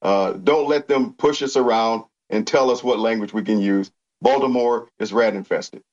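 Low-voiced hesitant male commentator, dull sound. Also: moderate pace, darkish tone. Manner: hesitant, many uhs and restarts. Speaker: panel guest. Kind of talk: political commentary.

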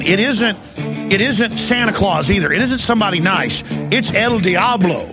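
A man's voice: high-pitched, expressive, normal speed, music in the background. A middle-aged man hosting a talk radio show, ranting fervently in a rising, impassioned monologue.

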